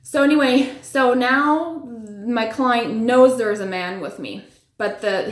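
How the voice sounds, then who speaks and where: A woman with a mid-range voice tells a personal spiritual story in an echoey room. It's a chatty, animated retelling, packed with "like" and "you know," where she performs her own reactions.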